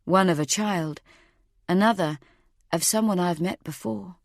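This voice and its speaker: A woman narrating a first-person thriller audiobook in a tense, measured way. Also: lowish voice, gravelly, no echo, studio quality.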